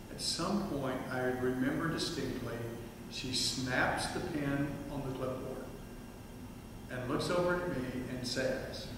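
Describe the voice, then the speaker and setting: A man in a big church hall tells a funny personal story and keeps turning to ask the crowd questions. His voice sits at an ordinary middle pitch and carries a long, ringing echo. He is heard from across the room over a steady hum of background noise. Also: recorded from a distance. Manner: humorous, anecdotal, addresses the audience directly. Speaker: church speaker.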